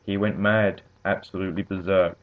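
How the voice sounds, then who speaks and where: A man's voice: low voice, little pitch movement, normal speed, natural voice. A man voicing a shaken female medic. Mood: grim. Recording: tinny phone-like audio.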